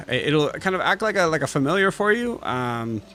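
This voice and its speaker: A man running a tabletop game as game master, describing items in halting, filler-heavy casual speech. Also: on the high side, very animated, pushed and bright, faint music behind.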